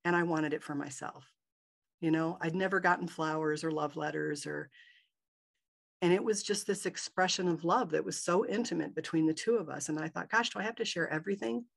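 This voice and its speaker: A woman's voice: low-pitched, a little fast, vocal fry. A woman guest in an interview, telling a personal story with animation and acting out the dialogue in a raised voice.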